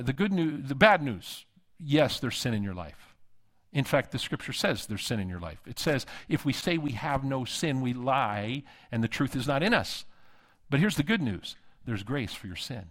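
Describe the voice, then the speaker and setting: A middle-aged seminary dean preaches a sermon in a conference hall, telling humorous stories and acting out the voices of the people he quotes. His medium-pitched voice is sing-song, and he speaks at a moderate pace.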